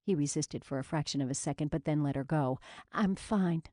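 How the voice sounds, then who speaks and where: A woman with a low voice reading a romance audiobook. She tells the story in a measured, steady way. The recording is close and dry, with no room sound. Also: dry recording. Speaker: audiobook narrator. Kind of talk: scripted romance novel narration.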